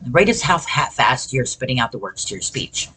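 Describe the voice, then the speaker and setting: Husky, chatty woman full of fillers. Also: a bass voice, very animated, moderate pace, sharp tone. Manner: many fillers and self-corrections; self-deprecating, chatty. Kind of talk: informal explanatory talk.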